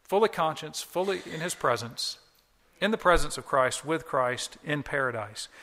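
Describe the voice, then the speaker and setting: A man delivers an earnest, emphatic sermon from the pulpit. His voice is bright and forceful, and it carries a long church hall reverb. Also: a little high, animated, moderate pace. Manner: earnest, emphatic preaching with repetitions. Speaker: pastor.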